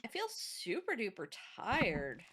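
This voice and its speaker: A woman co-streaming a game, chatting casually, playful and excitable with mock outbursts. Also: mid-range voice, slow pace, noisy background. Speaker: guest co-streamer. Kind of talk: casual gameplay chat.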